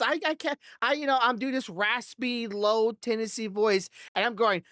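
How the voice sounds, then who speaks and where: A woman's voice: on the high side, normal speed, fairly bright tone, no echo, studio quality. A woman hosting a podcast in loose, rambling casual chat, swearing freely and laughing often into a desk microphone. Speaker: podcast host.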